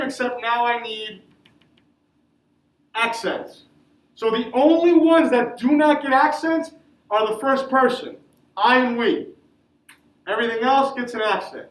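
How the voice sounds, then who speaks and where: Man, very high voice, classroom teacher, quizzes students, echoey room, heard from far off. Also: normal speed. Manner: questions the class and answers himself. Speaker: Spanish teacher. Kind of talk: classroom lesson.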